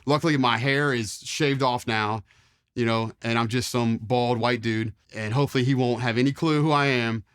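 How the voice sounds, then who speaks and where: Rambling, fast-talking man in his forties. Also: mid-range voice, fairly even intonation, fairly bright tone, clean tone. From Charlottesville, Virginia, US. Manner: rambling with many fillers, mild profanity, acts out quotes. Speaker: interview guest, former Marine. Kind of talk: casual storytelling.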